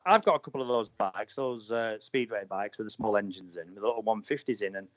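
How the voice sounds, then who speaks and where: A man's voice: fairly low pitch, fairly quick, no echo. Man, forties, rambling casual chat, dull lo-fi audio. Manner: rambling, leans on "you know". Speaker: motorcycle racer guest. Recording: dull lo-fi dry sound.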